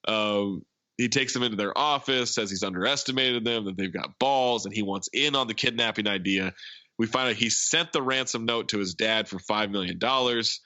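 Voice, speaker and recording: A man's voice: lowish voice, moderate pace, pushed and bright, no room sound, highs cut off. A man hosting a podcast, casually retelling a movie's plot in a rambling way. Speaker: podcast host.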